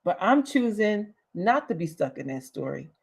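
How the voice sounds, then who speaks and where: A woman's voice: lowish voice, very animated, normal speed, creaky, breathy edge. A woman hosting a livestreamed motivational talk, speaking emphatically, repeating key phrases, with casual slang. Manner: emphatic and repetitive, uses slang. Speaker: host.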